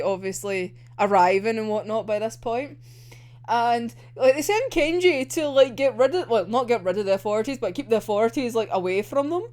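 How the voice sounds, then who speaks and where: A young woman chatting through an anime episode in a loose, giggly ramble full of fillers and swearing. Her voice is fairly high and very animated, bouncing up and down as she talks. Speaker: anime reviewer. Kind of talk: casual episode discussion.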